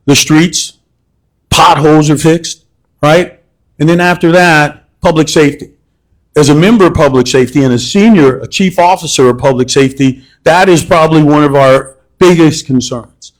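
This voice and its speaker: A man's voice: a little high, low-quality recording. Man, sixties, campaign speech, methodical, occasional fillers. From Cincinnati. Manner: measured, methodical, with hesitant fillers. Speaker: council candidate. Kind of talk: campaign speech at community meeting.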